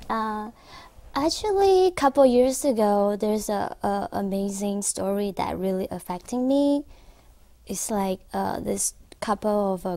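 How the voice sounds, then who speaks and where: A woman, an accessory designer, telling a story as an interview guest in a filming studio. Her English is halting and full of fillers. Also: mid-range voice, darkish tone, no room sound. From Taiwan. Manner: halting non-native English with frequent fillers.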